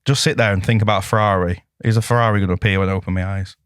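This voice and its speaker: A man's voice: fairly low pitch, fairly even intonation, rapid-fire, clean tone, no room sound. A man co-hosting a podcast, talking in a dry, teasing and sarcastic way. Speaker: podcast co-host. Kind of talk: casual chat.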